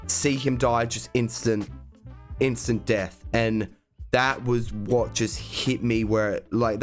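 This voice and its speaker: A young man chatting as an excitable fan, gushing over scenes and drawing out his words at an unhurried pace. His voice sits at an ordinary middle pitch. Faint music plays softly behind him. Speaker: YouTube reaction host ranking films. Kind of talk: casual enthusiastic film review chat.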